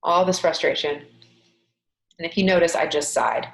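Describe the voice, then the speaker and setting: A woman with a low-pitched voice and vocal fry speaks at a moderate pace, leading a group webinar through a tapping session from home. She calls out repeated affirmations emphatically and sighs along, captured by a video call webcam. The room sounds roomy and the audio is poor.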